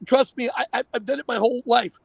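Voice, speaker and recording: A man hosting a casual talk show, animated and emphatic, often repeating himself. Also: extremely high pitch, fast, gravelly, breathy edge, no room sound. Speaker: show host.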